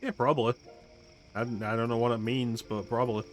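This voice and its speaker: A man's voice: mid-range voice, little pitch movement, a little fast, over music. Sarcastic, crude-talking man streaming a game. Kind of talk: casual stream commentary.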